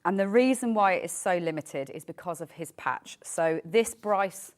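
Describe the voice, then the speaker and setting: A woman's voice: on the low side, normal speed. A woman designer chatting on a TV shopping show, explaining her products in a hesitant, self-deprecating way. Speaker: craft designer guest.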